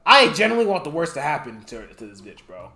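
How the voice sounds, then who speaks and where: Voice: mid-range voice, sing-song, fast talker, sharp tone. A streamer giving live reaction commentary, ranting with lots of profanity and talking straight to his chat. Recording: roomy echo.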